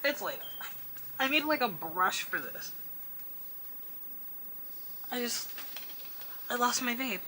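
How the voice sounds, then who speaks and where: A woman's voice: a little high, sing-song, takes it slowly, pauses often, bright, forceful tone, a little hiss or hum, low-quality recording. A young woman vlogger rambling candidly late at night, self-deprecating and swearing often as she vents.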